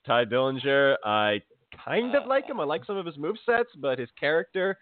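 A man co-hosting a casual wrestling podcast, chatty and quick to laugh. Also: on the high side, big pitch swings. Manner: chatty, laughs often, mimics crowd chants. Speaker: podcast co-host. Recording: tinny phone-like line, dry.

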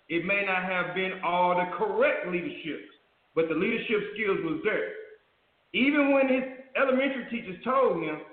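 A man hosting a talk show, building his argument in a preacherly way with rhetorical questions. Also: high voice. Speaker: host. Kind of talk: talk radio commentary. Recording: echoey tinny phone-line audio.

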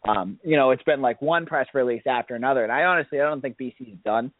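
A man co-hosting a sports talk show in a relaxed, rambling way with lots of fillers. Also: mid-range voice, fast talker, dry recording. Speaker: co-host. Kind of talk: casual sports radio talk. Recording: dry, tinny phone-like line.

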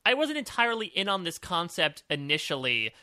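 A man co-hosting a podcast, talking casually and in an upbeat, animated way about comedy sketches, often laughing. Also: sits high, a little fast, no echo. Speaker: podcast co-host. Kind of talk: casual review chat.

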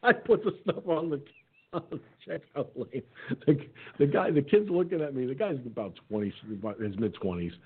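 A man's voice: fairly high pitch, brisk, husky. Man, talk radio host, casual storytelling, acts out quotes, middle-aged, tinny phone sound. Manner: animated anecdote-telling, acting out quotes.

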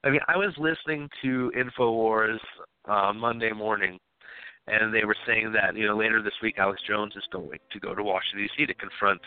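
A man's voice: fairly low pitch, brisk, clean tone, no room sound. A man hosting a podcast, retelling news in a loose, profane way and laughing as he goes. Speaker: podcast host. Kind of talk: casual podcast chat. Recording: tinny phone-like sound.

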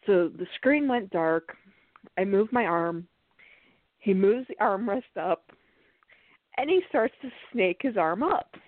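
A woman host tells a funny story in a relaxed, chatty way and keeps breaking into laughter. Her voice sits at an ordinary pitch and comes through a thin, phone-like line. The sound is dry, with no room echo. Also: takes it slowly, pauses often. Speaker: podcast host. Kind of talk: casual storytelling.

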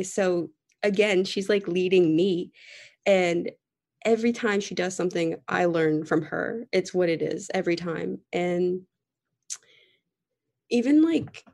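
A woman's voice: fairly low pitch, a little slow, pauses often, a little mellow. A young woman, a guest on a group video call, talking in a rambling, heartfelt way with many fillers. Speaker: podcast guest. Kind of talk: casual sharing in a group call.

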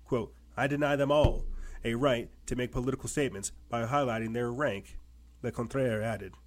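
A man's voice: medium pitch, steady tone, normal speed. A man hosting a political commentary show. He reads news articles aloud and breaks into emphatic remarks full of repetition and rhetorical questions.

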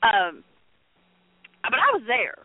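A woman co-hosts a casual wrestling talk show, rambling through anecdotes with laughter and plenty of fillers. Her pitch leaps around as she gets worked up. The sound is dry and thin, like a phone line. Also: slow, breathy edge, no room sound. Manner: animated storytelling with laughs and fillers. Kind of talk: casual chat.

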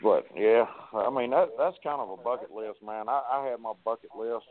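A man, a wrestling guest telling profane, animated stories and acting out the dialogue. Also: mid-range voice, moderate pace. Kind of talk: casual storytelling on a podcast. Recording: tinny phone-like line.

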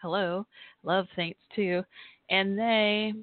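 A chatty, friendly Texas woman with a Southern accent hosts a casual call-in talk show, laughing often. Her mid-range voice is fairly even and unhurried, and the dry recording has a tinny phone-line sound.

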